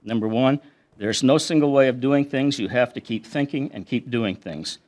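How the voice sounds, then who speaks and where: A man's voice: medium pitch, moderate pace, a little mellow. Middle-aged man, resident speaking at council podium; earnest, methodical, quotes the plan. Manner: earnest, lists points and reads quotes aloud. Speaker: resident giving public comment. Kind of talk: prepared public comment at a council meeting. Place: council meeting room.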